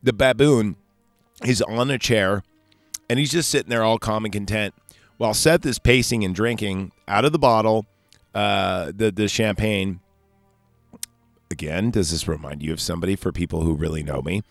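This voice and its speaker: A man's voice: fairly low pitch, moderate pace, no room sound, faint music behind. A man hosting a solo podcast, recapping a film in a casual, rambling, profane way. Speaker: podcast host.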